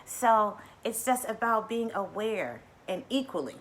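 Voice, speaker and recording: A woman hosting a casual mindfulness livestream, bubbly and excitable, talking straight to her viewers. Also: medium pitch, fairly quick, hardly any pauses.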